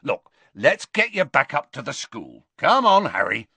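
A big, gruff, kind-hearted giant of a groundskeeper, as a male narrator puts him on, talking in rough country speech with dropped letters. His voice rises and falls in lively swings, and it sounds close and dry with no room around it. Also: mid-range voice, a little slow, no room sound, pitched above the performer's own voice, full character voice. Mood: soothing. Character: gruff, kindly half-giant groundskeeper man.

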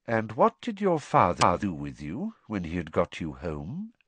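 A man doing a quiet, gentle old wizard. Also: low-pitched, huge pitch swings, a little slow, husky, no echo, full character voice. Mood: calm. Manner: quiet, soft questioning. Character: old male wizard headmaster, calm and gentle.

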